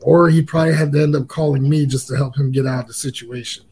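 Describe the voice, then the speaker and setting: A man's voice: mid-range voice, fairly even intonation, fast, a little mellow, breathy edge. A man chatting casually as a guest on a talk show, easygoing. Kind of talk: casual chat.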